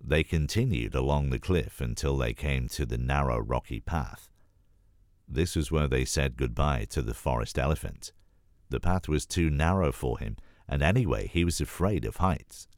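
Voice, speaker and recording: A man reading a children's storybook aloud in a calm, measured way. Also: extremely low pitch, no room sound, clean studio sound. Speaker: narrator.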